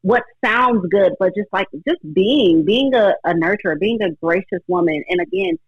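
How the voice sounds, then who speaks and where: A woman's voice: medium pitch, very animated, normal speed, breathy edge, no room sound. A woman guest on a faith-based talk show, speaking earnestly and reflectively, often voicing her own thoughts aloud. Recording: dull lo-fi audio.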